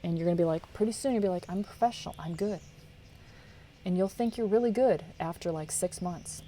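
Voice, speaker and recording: Animated woman coaching in casual talk. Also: fairly low pitch, a little fast, a little hiss or hum. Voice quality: swears casually. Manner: energetic, acts out quoted lines, laughs often. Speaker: podcast host and film career coach.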